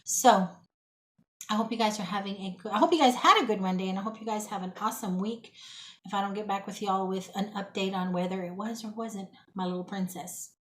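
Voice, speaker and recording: A woman's voice: medium pitch, brisk, a bit bright, slight background noise, low-quality recording. A woman with a young son chatting to her viewers about a thrift haul at her home table, folksy and talkative, saying y'all. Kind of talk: casual chat to viewers.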